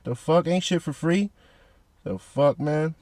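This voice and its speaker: A man's voice: a little high, unhurried, a little mellow, dry recording, clean studio sound. A man voicing a cold, uncaring male official who brushes things off in cursing slang. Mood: dismissive. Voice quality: profane, dismissive slang. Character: callous male elder official, cold and dismissive.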